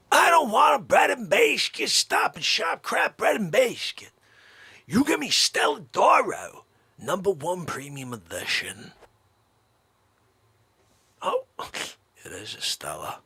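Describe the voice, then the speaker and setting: A man putting on a manic, shrill old loudmouth. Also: creaky, breathy edge, no room sound, heavily acted. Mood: demanding. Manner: rambling, manic, yelling demands. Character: loud, bossy older man comic character.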